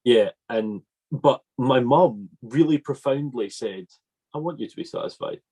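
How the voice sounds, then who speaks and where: Man in his twenties, podcast host, husky raspy voice, enthusiastic and rambling. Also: medium pitch, animated, measured pace, darkish tone. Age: 20s. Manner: enthusiastic and rambling, with many fillers. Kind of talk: casual chat.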